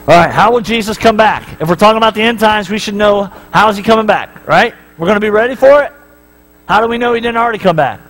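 A man with a notably high voice preaches to his congregation in a church. He keeps it casual, mixing stories and jokes with checks like "right?" to the crowd. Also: quick pace, fairly bright tone, a little hiss or hum, poor audio. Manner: casual, joking storytelling, often asking the crowd "right?". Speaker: pastor. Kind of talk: sermon.

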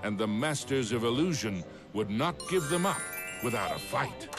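A man voicing the calm, measured storybook narrator of a video game. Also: mid-range voice, close to an everyday voice. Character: adult male storybook narrator, steady and calm. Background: game music.

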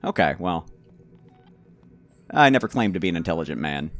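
A man giving let's play commentary on a horror game, rambling to himself with stammered restarts and sudden loud excited outbursts. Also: low voice, moderate pace, soft background music. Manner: rambling nervous self-talk, repeated stammered restarts. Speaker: gamer playing a horror game.

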